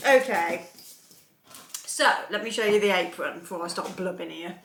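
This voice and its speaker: A woman's voice: medium pitch, moderate pace, a bit bright, roomy sound, slight background noise. A woman vlogging as she unboxes a gift, chatting casually, gushing and laughing often. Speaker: soap maker vlogger.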